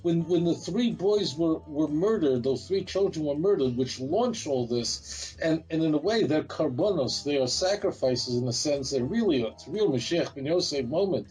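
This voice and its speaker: A man's voice: a little high, expressive, normal speed, hardly any pauses, darkish tone, low-quality recording. A man, a rabbi speaking as an interview guest, talking in an emphatic, defiant, repetitive way. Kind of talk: heated interview talk.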